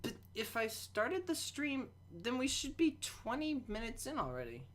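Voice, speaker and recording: Young woman, playful chatty streamer, bright lively voice, faint hiss. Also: on the high side, moderate pace. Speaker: livestream host. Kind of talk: casual chat while drawing.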